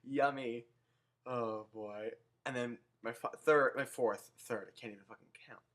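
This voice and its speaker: A young man ranting sarcastically into his own camera in a comedic vlog, animated and given to swearing. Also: medium pitch, a little slow. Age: young adult. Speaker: vlogger.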